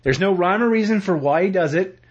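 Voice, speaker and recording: A man co-hosting a casual podcast, rambling through an animated retelling of a TV episode and acting out the characters' lines. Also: high-pitched, a little fast, slightly rough, lo-fi sound. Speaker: podcast co-host.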